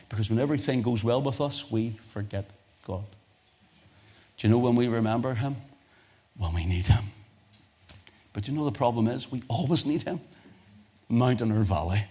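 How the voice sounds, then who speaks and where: A man preaching a sermon as pastor, emphatic, swinging from loud exhortation to near whispers. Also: medium pitch.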